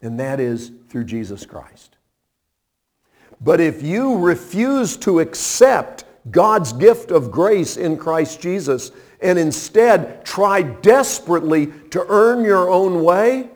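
A man's voice: sing-song, takes it slowly. Impassioned preaching man. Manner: impassioned, rising to high emphatic peaks. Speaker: pastor. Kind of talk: sermon.

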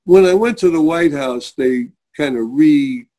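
Speaking at a measured pace in a slightly high voice, this middle-aged interview guest shares his faith story with earnest animation. When he quotes others, he performs their voices.

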